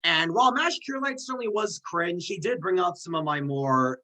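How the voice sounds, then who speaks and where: In a casual chat, a host works his way through a ranked list of fictional characters, drifting into tangents and tossing off quick jokes at his own expense. His medium-pitched voice is pushed and bright, and the recording is rough.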